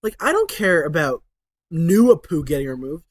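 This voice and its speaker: A man's voice: a little high, big pitch swings, moderate pace. A man hosting his channel in a casual rambling monologue, sarcastic and swearing, with lots of fillers. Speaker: channel host.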